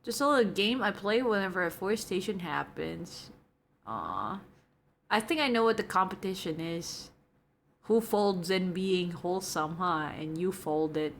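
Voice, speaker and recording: Young woman streamer just chatting w chat, giggly, goes soft then suddenly excited. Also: on the low side, measured pace, vocal fry, a little hiss or hum.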